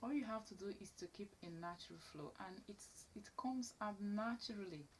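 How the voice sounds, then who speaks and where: A woman's voice: mid-range voice, a little fast, a little hiss or hum. A woman teaching elocution to camera, stressing key words and repeating her main points. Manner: emphatic, repeats key phrases. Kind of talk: instructional talk to camera.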